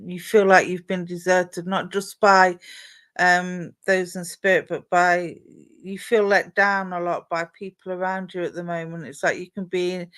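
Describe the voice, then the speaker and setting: A woman working as a psychic medium on a live stream, talking gently and reassuringly to viewers and calling them endearments. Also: lowish voice. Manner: gentle, reassuring, calls listeners "my darling".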